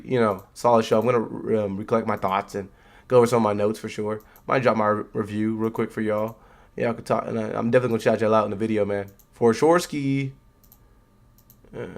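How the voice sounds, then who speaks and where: A young man talks straight to his chat in a relaxed, slangy way, riffing loosely like a streamer hanging out with viewers. His voice sits at an ordinary middle pitch for a man, and he keeps it casual and conversational. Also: vocal fry. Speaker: streamer reacting to wrestling.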